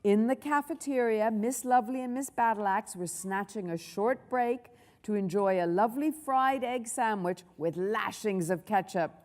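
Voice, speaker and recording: A woman author reading a story aloud to a big audience of children in a large hall, expressive and full of sound effects. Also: mid-range voice, moderate pace. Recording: long hall reverb.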